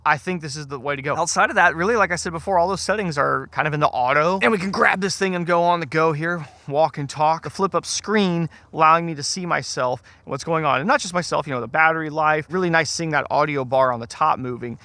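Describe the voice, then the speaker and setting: Guy doing a moto gear review, bright slightly high voice, rambly and jokey, fillers everywhere. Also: quick pace, dry recording. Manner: chatty, self-deprecating, rambling with fillers. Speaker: motovlog host. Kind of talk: casual gear review vlog. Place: on a motorcycle outdoors in rain and traffic. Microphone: helmet mic and small clip-on wireless mic. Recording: noisy outdoor ride audio. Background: wind and road noise.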